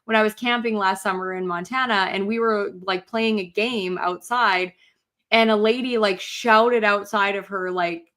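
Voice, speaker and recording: A woman co-hosting a casual podcast chat, who talks in an animated way with many fillers and acts out quotes. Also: medium pitch, normal speed. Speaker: podcast co-host.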